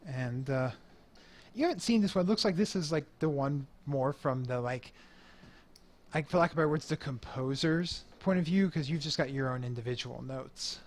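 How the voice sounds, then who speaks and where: A man's voice: medium pitch, moderate pace. A man narrating as game master, rambling with fillers and restarts.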